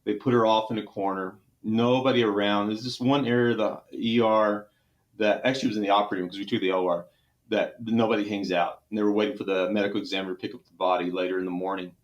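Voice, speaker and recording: A middle-aged man with a Texan accent and a lowish voice recounts hard cases from his work as a surgeon. He speaks earnestly, with emotion in his voice and frequent restarts. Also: fairly even intonation, fast talker, lo-fi sound. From Texas. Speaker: trauma surgeon. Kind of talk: podcast interview storytelling.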